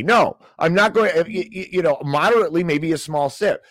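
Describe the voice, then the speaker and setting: A man's voice: fairly high pitch, expressive, fairly quick, hardly any pauses, no echo. A man hosting a podcast, ranting about the week's financial news with sarcastic, mocking, theatrical outrage. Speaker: podcast host.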